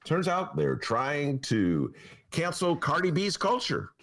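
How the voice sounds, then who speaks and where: Male columnist-host, sarcastic comic riffing, extremely wide pitch swings. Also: slow pace, creaky. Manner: animated and sarcastic, jumps to high mock voices. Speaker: podcast host, newspaper columnist. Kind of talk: casual comic monologue.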